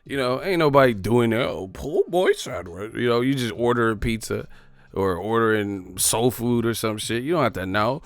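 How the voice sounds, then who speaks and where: A man's voice: mid-range voice, normal speed, clear, resonant tone, no echo. A man ranting in boxing commentary, brash, combative and profane.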